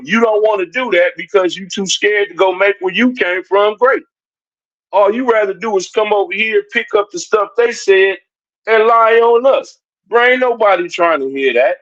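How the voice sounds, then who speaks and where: Heated high-voiced man ranting on a livestream. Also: a bit bright. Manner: confrontational, repetitive, addresses chat directly. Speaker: livestream commentator. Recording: dull lo-fi stream audio.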